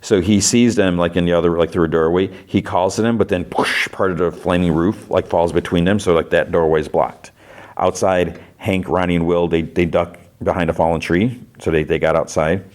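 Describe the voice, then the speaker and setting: A man's voice: low voice, fairly even intonation, normal speed, a little mellow. A man hosting a podcast, casually retelling a TV episode with lots of fillers. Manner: chatty, many fillers, briefly acts out quoted lines. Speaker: podcast host.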